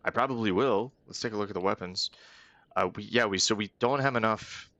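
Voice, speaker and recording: A man's voice: on the low side, fairly quick, a bit bright, dry recording, muffled recording. A man hosting a let's-play, chatting casually with wry, self-aware asides. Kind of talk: casual game commentary.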